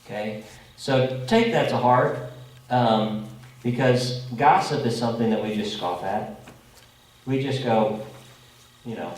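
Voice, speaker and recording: A man preaching a conversational sermon to a congregation, often checking in with a quick "okay?". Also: mid-range voice, darkish tone. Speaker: pastor. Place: congregation meeting room. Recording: echoey room, from far off.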